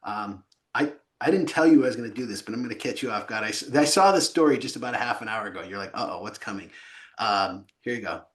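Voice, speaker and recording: Male co-host, casual trading podcast, animated storyteller. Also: on the low side, fast. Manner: animated storyteller, lively asides.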